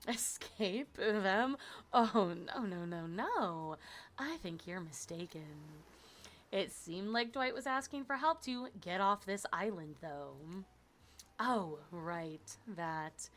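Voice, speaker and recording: A woman voicing a smooth, evasive male resort narrator in a game, dropping her voice lower and quieter, with dry asides. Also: animated, takes it slowly. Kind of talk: reading game narration aloud.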